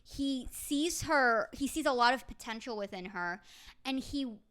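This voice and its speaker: A young woman co-hosts a casual book-chat podcast, her voice high and bright. She gets animated, laughs often and slips into quoted lines. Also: unhurried, clean tone. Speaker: podcast co-host.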